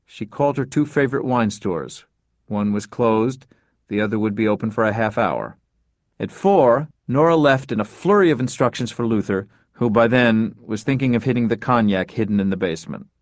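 A man narrating an audiobook in a wry, measured storytelling manner. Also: medium pitch, no room sound. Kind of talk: scripted narration.

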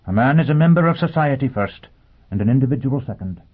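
A man's voice: mid-range voice, expressive, fast, husky, pitched above the performer's own voice. A man voicing a cheerful, polite male bartender robot that lectures serenely. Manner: politely beaming, preachy. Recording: tinny phone-like audio.

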